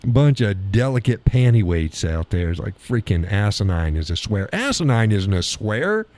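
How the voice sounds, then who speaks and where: A middle-aged man hosts a live stream, reads out viewer comments and spins stories full of profanity and laughter. His pitch swings widely as he tells them. The sound is dry and close, with no room around it. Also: normal speed, no echo. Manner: profane, laughs often, animated storytelling. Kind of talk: casual chat reading viewer comments.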